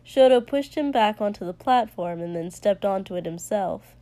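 A woman's voice: medium pitch, expressive, normal speed, few pauses, dark tone. Woman reading a story aloud. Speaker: narrator. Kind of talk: reading fan fiction aloud.

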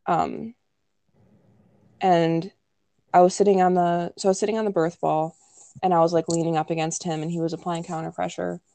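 A young woman with a lowish voice tells a personal story in a relaxed, conversational way. She leans on "like" and "um" and sometimes acts out quoted lines. The sound is close and dry, with no room around it. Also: moderate pace, creaky, pauses often, no room sound. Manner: chatty, many "like" and "um" fillers, acts out quoted lines. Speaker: podcast co-host telling her birth story.

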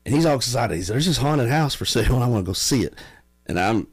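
A man casually telling stories, animated and often laughing. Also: mid-range voice, fast talker, slightly rough. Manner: animated, laughing, drawling storyteller. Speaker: podcast guest. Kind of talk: casual storytelling.

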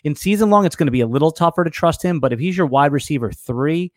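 A man co-hosting a casual fantasy football podcast, talking in an easygoing, halting way. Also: on the high side, expressive, no echo, studio quality. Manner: easygoing, hesitant, many fillers and restarts. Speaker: podcast co-host. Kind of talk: casual sports podcast debate.

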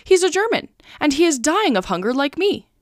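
A woman reading aloud, voicing a resourceful, hungry manservant who pleads briskly. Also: high voice, sing-song, no room sound, clean studio sound, pitched above the performer's own voice. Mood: pleading. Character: resourceful hungry male servant. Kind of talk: storybook reading.

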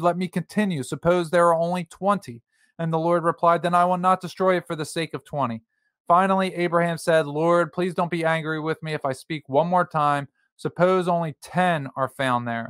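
A man reading a Bible passage aloud at a steady pace and adding brief remarks, as in a small Bible study discussion. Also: a little high, clear, resonant tone, no echo, clean studio sound.

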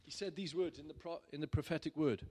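Pastor telling a story from the pulpit. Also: male voice, a little high, steady tone, fast, breathy edge. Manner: conversational storytelling, building to loud emphatic bursts. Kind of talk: sermon testimony.

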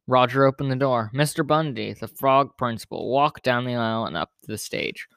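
A man reading a children's picture book aloud in plain, steady narration. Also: medium pitch, normal speed, gravelly, hardly any pauses, smooth, dry recording, studio quality. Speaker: storyteller.

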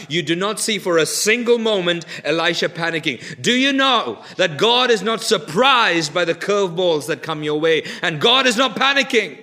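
A man preaching a sermon, swinging from loud urgent pleading to hushed, low intensity with lots of repetition. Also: expressive, normal speed, few pauses.

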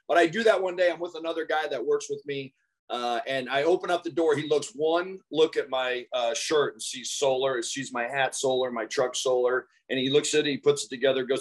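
A man guesting on an interview, a salesman telling animated stories and laughing through them. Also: medium pitch, brisk. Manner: animated storyteller who laughs through his anecdotes. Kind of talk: casual interview storytelling.

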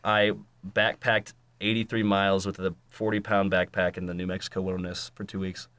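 Low-voiced young man telling a story. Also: level tone, fairly quick, fairly bright tone, smooth, no echo. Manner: swearing storyteller, acts out quotes. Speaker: podcast guest. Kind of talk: casual chat.

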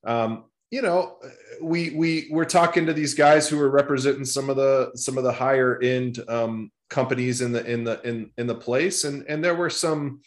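A man's voice: medium pitch, moderate pace. Texas guy in his 40s, interview guest, rambly storyteller, lots of "and, and" restarts. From Texas, USA. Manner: rambling, repeats words and restarts often.

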